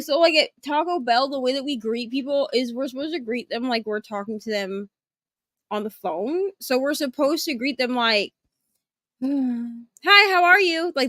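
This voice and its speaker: A woman's voice: high-pitched, no room sound. Blunt young woman telling work stories. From Florida. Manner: frank, blunt storytelling with mild swearing. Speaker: co-host of a reading stream. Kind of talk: casual chat.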